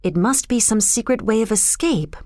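A woman's voice: a little high, lively intonation, normal speed, a little mellow, no room sound, clean studio sound. A woman voicing an eager young man in a storybook reading, in her own plain voice.

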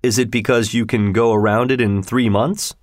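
A man voicing an excitable Victorian gentleman who throws out loud, challenging wagers. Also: mid-range voice, moderate pace, no room sound, clean studio sound, close to an everyday voice. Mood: doubtful.

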